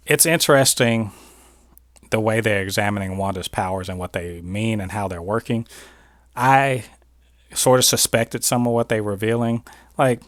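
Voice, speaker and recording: A man hosting a casual TV review show, talking in an animated, opinionated way with many restarts and asides. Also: medium pitch, dry recording, clean studio sound. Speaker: podcast host reviewing TV. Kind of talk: casual spoiler review monologue.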